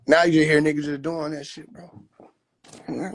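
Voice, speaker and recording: A man's voice: on the high side, level tone, normal speed. A man chatting casually on a phone livestream, loose and profane, laughing often. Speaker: livestream host.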